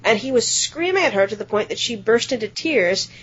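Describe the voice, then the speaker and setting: A woman co-hosting a podcast, telling a workplace anecdote in a casual, animated way with some offhand swearing. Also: fairly high pitch, fairly quick, a little hiss or hum. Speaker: podcast co-host. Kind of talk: casual storytelling chat. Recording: dull lo-fi podcast audio.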